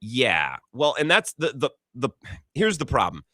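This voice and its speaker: A man hosting a call-in sports radio show, talking in an animated, rambling way as his voice swings widely in pitch. His tone is bright and forceful, and the sound is close and dry in the studio. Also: dry recording. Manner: animated, rambling, quick restarts. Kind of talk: casual sports talk radio.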